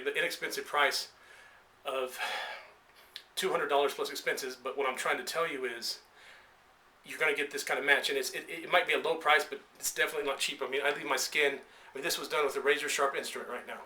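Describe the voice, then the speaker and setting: A man's voice: medium pitch, bright, forceful tone. A man, an independent pro wrestler, cutting a rambling, emotional promo of his own. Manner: intense, rambling and emotional, with many restarts. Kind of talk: rambling self-made promo video.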